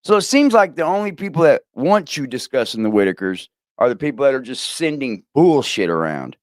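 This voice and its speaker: A man ranting profanely as host of a livestream, swinging from low growls to sharp highs. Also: very animated, brisk, no room sound, studio quality. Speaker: streamer host. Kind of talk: heated livestream rant.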